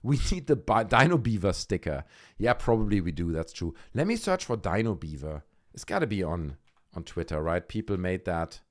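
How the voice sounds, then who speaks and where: A man hosting a casual live stream, excitedly thanking viewers for their donations. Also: low-pitched, normal speed. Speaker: livestream host.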